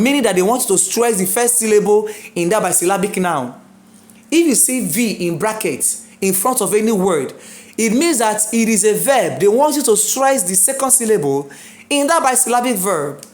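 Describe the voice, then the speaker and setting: Lively woman teacher drilling word stress. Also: mid-range voice, reverberant. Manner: drills example words slowly, coaxing questions to the viewer. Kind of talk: exam-prep English lesson.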